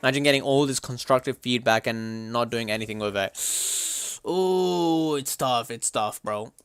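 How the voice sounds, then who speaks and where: A young man livestreaming, chatting casually and reacting to chat in a slangy, animated way. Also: mid-range voice, measured pace, smooth, dry recording, clean studio sound.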